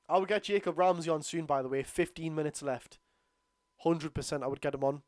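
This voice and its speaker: Excitable Geordie man, fairly high voice. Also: fairly quick, no room sound, studio quality. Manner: excitable outbursts at the referee, then low grumbling asides. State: tired, yawning. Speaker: football watchalong host. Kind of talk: live football watchalong commentary, reading chat.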